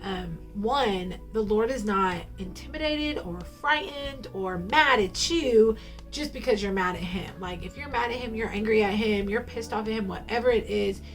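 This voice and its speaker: A woman's voice: medium pitch, moderate pace, soft background music. A woman telling a personal faith story straight to camera in a casual, playful way, full of slang and ums. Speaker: faith vlogger.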